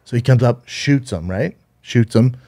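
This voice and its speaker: Man, podcast co-host, mellow relaxed tone, rambling casual storytelling, swears, restarts sentences. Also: mid-range voice, moderate pace, a little hiss or hum. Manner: rambling, profane, with frequent restarts.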